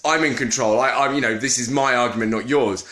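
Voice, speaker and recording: Brief: man, casual live-stream vlogger, bright, slightly high voice, roomy echo. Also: brisk. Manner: animated, greets viewers mid-talk, trails off and restarts. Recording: echoey room.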